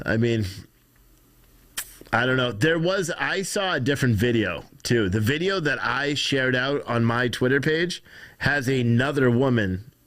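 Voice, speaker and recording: A man's voice: mid-range voice, a bit bright. A man hosting a livestream, rambling, frustrated, reading chat aloud, and swearing now and then. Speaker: livestream host. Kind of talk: casual livestream commentary.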